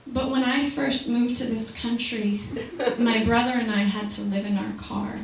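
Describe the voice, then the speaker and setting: Young female comic, high pitched, animated self-deprecating storyteller; boomy distant club recording with audience noise. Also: slow pace, pauses often, heavy reverb. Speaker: stand-up comedian. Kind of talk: stand-up comedy set. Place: small comedy club. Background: audience laughter.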